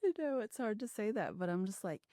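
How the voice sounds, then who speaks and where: A woman's voice: medium pitch, very animated, fairly quick, dark tone, dry recording, clean studio sound. A woman hosting a podcast, chatting casually and reacting to her guest. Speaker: podcast host. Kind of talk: casual interview chat.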